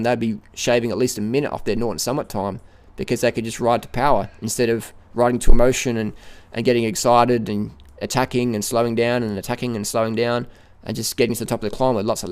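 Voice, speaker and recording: A middle-aged man gives live commentary while riding a bike up a hill outdoors. He narrates with excited play-by-play and repeats his phrases, on a camera mounted on the bike or rider. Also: mid-range voice, clear, resonant tone. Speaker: cycling vlogger.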